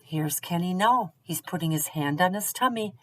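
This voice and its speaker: A woman with a somewhat low voice, speaking to parents as an early childhood teacher. She talks gently and encouragingly, slowly and clearly, as if in a short instructional video. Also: lively intonation, poor audio.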